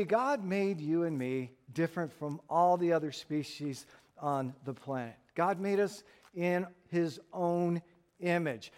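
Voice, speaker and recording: A middle-aged man preaching a sermon as pastor, animated and playful, acting out little scenes for humor. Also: high-pitched. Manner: animated storyteller, acts out voices for humor.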